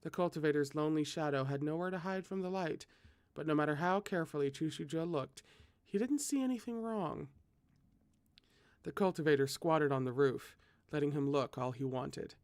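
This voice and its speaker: This host gives an expressive reading of a novel, peppered with chatty side comments. The voice has a middling pitch and a close, dry quality, delivered at normal speed with no room sound.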